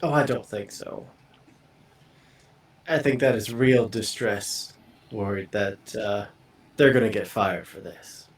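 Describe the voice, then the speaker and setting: A man playing a tabletop role-playing game, talking things over in a measured, deliberate way. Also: fairly low pitch, echoey room. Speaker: tabletop player. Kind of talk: casual tabletop role-play talk.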